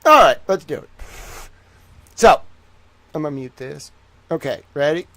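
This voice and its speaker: A man's voice: a little high, animated, moderate pace, long pauses, a bit bright, no echo. A man hosting a casual livestream, speaking in a put-on Southern drawl, playful, teasing and boastful. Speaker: livestream host.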